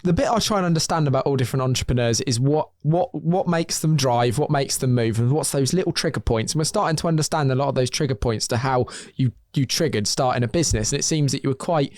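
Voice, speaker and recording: A man's voice: mid-range voice, fast, few pauses, a little mellow, no room sound, clean studio sound. An English man hosting a podcast, asking chatty, reflective questions and trading jokes with his guest. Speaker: podcast host. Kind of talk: casual interview chat.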